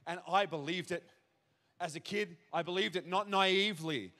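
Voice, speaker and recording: A man's voice: high voice, moderate pace. A man giving his testimony as a pastor, telling the story vividly to a church crowd. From Australia. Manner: storytelling, acts out shouted child's cries. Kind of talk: testimony sermon. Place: large church auditorium. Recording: long hall reverb.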